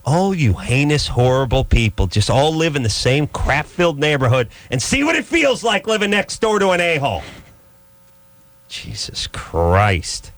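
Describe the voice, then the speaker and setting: A man's voice: big pitch swings, moderate pace, dry recording. A male radio host telling a profane, exasperated story as a comic rant, with punchy delivery. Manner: punchy delivery, jumps into high mocking voices. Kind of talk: comic ranting talk radio.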